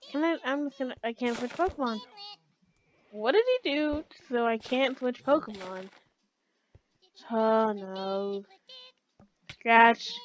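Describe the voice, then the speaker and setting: A woman's voice: fairly high pitch, a bit bright, slight background noise, low-quality recording. A woman giving chatty let's play commentary, talking to her game characters as she plays. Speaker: gamer.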